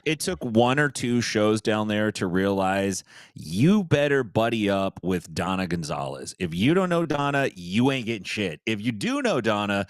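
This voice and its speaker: A man's voice: fairly low pitch, no echo, studio quality. A man co-hosting a podcast, trading laid-back jokes in casual chat. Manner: joking, laid-back banter. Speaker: podcast co-host.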